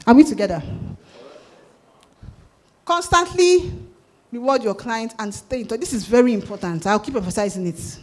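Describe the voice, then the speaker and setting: Nigerian woman speaking at a sales conference, high-ish voice, keeps asking the room questions. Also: normal speed, long pauses. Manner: lively, asks the audience questions. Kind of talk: conference talk. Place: conference hall.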